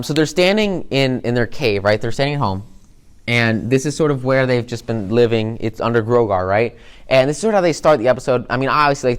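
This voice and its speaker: Guy rambling thru a cartoon recap, smooth voice, tons of likes and ums. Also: medium pitch. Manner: excited, filler-heavy retelling with many "like"s and "um"s. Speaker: presenter recapping a cartoon episode.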